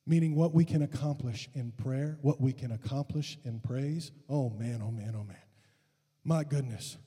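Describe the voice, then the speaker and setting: A man's voice: medium pitch, normal speed, husky, in a large hall. A man preaching a sermon and leading prayer for healing in a church, impassioned and building to fervent peaks. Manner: impassioned, rising to shouted fervor. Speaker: pastor. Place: church sanctuary.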